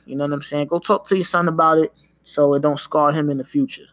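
A man's voice: on the high side, fairly even intonation, a bit bright, no echo. A man hosting a podcast, ranting in a casual, emphatic way. He swears freely and keeps tossing in "man" and "yo". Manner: emphatic, profane, repeats "man" and "yo"; talks in quick bursts. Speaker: podcast host.

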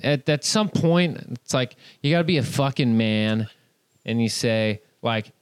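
Animated man telling work stories. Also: medium pitch, a little slow, smooth, no room sound. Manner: animated storyteller, quoting others in bursts. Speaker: podcast co-host, comedian. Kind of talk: casual comedic chat.

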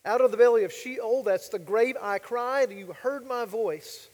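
A man's voice: extremely high pitch, normal speed, in a large hall. A male pastor preaching a sermon, emphatic and full of rhetorical questions to the congregation.

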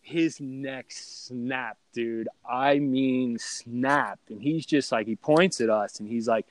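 A man telling loud, profane stories in a casual podcast chat. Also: medium pitch, takes it slowly, hardly any pauses, no echo. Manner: loud, profane, animated storyteller. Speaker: guest storyteller.

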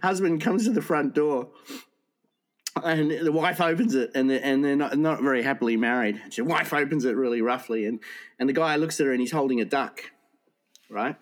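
A man's voice: mid-range voice, moderate pace. A man telling rambling jokes. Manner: rambling, restarts and laughs at his own punchlines. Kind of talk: casual joke-telling.

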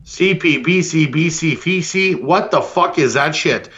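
A man's voice: fairly high pitch, unhurried, pushed and bright, highs cut off. A man hosting a podcast, delivering a brash, profane comedic roast rant. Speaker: podcast host.

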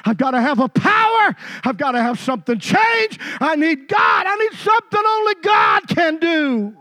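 A man acting out a weeping woman desperately pleading, his voice rising to shouts. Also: extremely high pitch, huge pitch swings, moderate pace, no echo, clean studio sound, pitched above the performer's own voice, full character voice.

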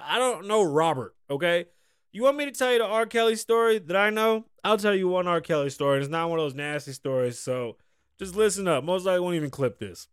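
Here a man hosts a podcast, rambling through stories he reads aloud, cursing freely and cracking himself up as he reacts. He has a high-pitched, smooth, slightly bright voice. It's captured in studio quality with no echo.

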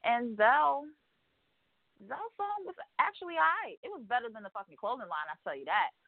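A woman's voice: on the high side, sing-song, normal speed, no room sound. A woman co-hosting a radio show, recapping reality TV gossip in a sassy, profane, rambling way. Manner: sassy, profane, rambling storytelling with mimicked quotes. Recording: dry, phone-like narrow sound.

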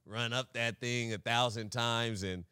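A man's voice: medium pitch, steady tone, measured pace, sharp tone, clean tone, no room sound, studio quality. A young man co-hosting a podcast, telling a story in casual chat, acting out the quotes and laughing often. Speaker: podcast co-host.

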